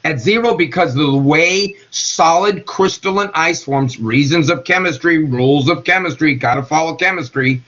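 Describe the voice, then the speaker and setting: A man's voice: fairly high pitch, moderate pace, few pauses, fairly bright tone. A middle-aged man giving a chemistry lecture in a classroom, folksy and joking with his students. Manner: folksy, jokey, talks to students by name. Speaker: chemistry teacher. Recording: dull lo-fi classroom recording.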